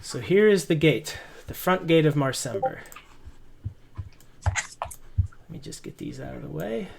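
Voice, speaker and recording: A man narrating as game master, relaxed and rambling with many restarts. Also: fairly high pitch, a little slow, gravelly, noisy background.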